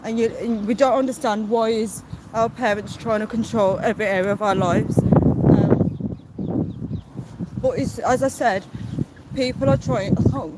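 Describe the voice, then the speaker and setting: Walking along a busy city street with loud traffic behind her, a woman vlogger talks into her phone on a casual live stream, her voice slightly high and a bit slow with long pauses. She rambles chattily, out of breath, easily distracted and apologetic.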